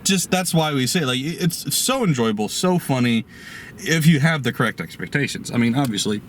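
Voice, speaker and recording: A young man co-hosting a casual movie review chat, his voice sitting in the middle of the male range. He slides into animated, exasperated rants, with a faint hiss of room noise underneath. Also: mid-range voice, moderate pace. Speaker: co-host.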